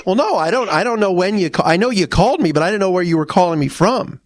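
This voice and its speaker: A man's voice: high voice, animated, fast. A man co-hosting a casual chat who halts, repeats himself and retells past conversations. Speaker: podcast co-host.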